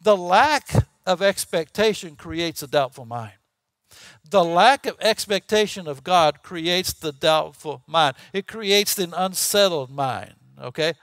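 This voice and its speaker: A man's voice: sits high, animated, a little slow, fairly bright tone, no echo, studio quality. A man preaching a sermon in a folksy, conversational way, often checking in with "okay?" and "right?". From Texas. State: clearing his throat, voice catching. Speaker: pastor.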